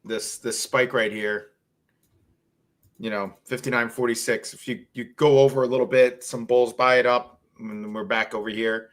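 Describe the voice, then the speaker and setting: A man's voice: medium pitch, fairly even intonation, moderate pace, a bit bright. A man hosting a casual trading live stream over a video call, rambling and thinking aloud as he shares his screen. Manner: rambling, self-mocking, thinks aloud while sharing screen. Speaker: host.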